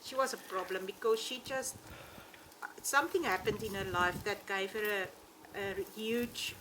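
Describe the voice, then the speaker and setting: A woman, a safari ranger, telling animated stories with frequent ums. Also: mid-range voice, measured pace, slight background noise. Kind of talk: telling anecdotes in an interview.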